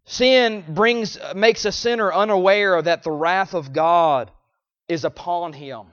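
A man preaching a sermon, repeating phrases and swinging between loud pleading cries and low, quiet lines. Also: fairly even intonation, slow pace, no echo, muffled recording.

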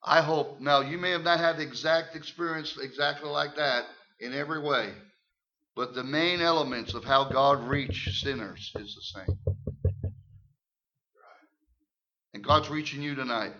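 An older man preaching his testimony in church, emphatic and folksy, repeating words and swinging from hushed tones to loud shouts. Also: on the high side, unhurried, pauses often. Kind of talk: sermon testimony. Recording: muffled lo-fi recording.

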